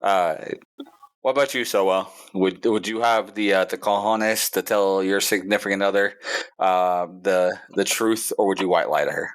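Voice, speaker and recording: A man's voice: sits low, steady tone, normal speed. A man hosting a casual podcast, reading posts aloud and ranting with lots of swearing and laughter. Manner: profane, ranting, laughs often. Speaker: podcast host.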